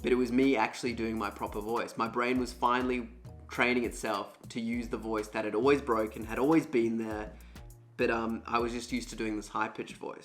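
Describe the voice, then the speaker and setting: A young man casually telling his own story in a candid, chatty way with plenty of fillers, and his voice is smooth and low. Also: fairly bright tone.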